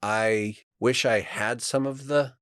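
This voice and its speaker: A man's voice: mid-range voice, steady tone, takes it slowly, fairly bright tone, no room sound, studio quality. A man on a podcast in casual chat, reflective and frank, swearing casually as he thinks aloud. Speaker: podcast regular.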